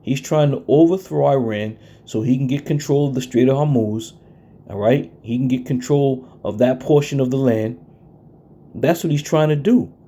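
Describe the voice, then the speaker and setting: A man delivers a confrontational sermon with a dark, mellow tone. He lectures his listeners bluntly and slows down to read scripture with weighty emphasis. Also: medium pitch. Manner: confrontational, blunt, reads verses slowly and stresses them. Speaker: preacher.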